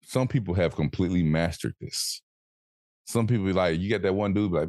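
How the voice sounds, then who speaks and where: Deep-voiced man in casual chat. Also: brisk, no echo, clean studio sound. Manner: animated, swears freely, acts out quoted voices. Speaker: podcast co-host.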